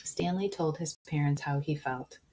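A woman reads a children's chapter book aloud in a low, mellow voice. She narrates with animation and drops into hushed whispers at the tense parts. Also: moderate pace. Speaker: reader.

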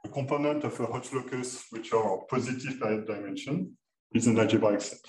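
Man, math lecture, halting, echoey hall. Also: medium pitch, darkish tone. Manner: halting, many fillers and restarts. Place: lecture room. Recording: echoey lecture hall, mic far off, noisy.

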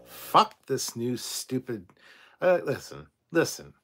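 A man's voice: mid-range voice, wildly swooping pitch, slow pace, fairly bright tone. A man hosting a casual livestream, reading viewer questions aloud and answering with irreverent, profane, sarcastic rants.

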